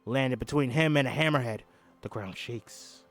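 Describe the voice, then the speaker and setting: A man's voice: mid-range voice, moderate pace, soft background music. Chatty, swearing man reading a script. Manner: chatty and profane, stumbles over words. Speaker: host. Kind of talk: casual script read-through with commentary.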